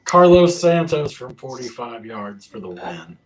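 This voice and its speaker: A man's voice: medium pitch, big pitch swings, measured pace, poor audio. A man hosting a casual sports chat, steering segments with short, dry remarks. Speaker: podcast host steering the segments.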